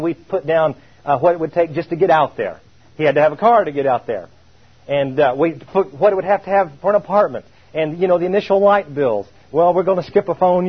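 Husky, emphatic preacher on a dull recording. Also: male voice, on the high side. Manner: emphatic, drawn-out, rhetorical questions. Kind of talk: sermon.

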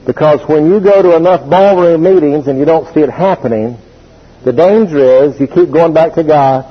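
A man's voice: a little high, moderate pace, breathy edge, muffled recording. A man preaching a sermon with emphasis, telling the congregation to write things down and to repeat key words. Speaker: pastor.

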